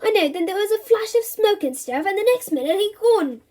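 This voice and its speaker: Lady doing a cheeky trickster boy, sly and teasing, highish voice. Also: animated, brisk, a little mellow. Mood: excited. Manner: mocking, sly. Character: cheeky, scheming young boy.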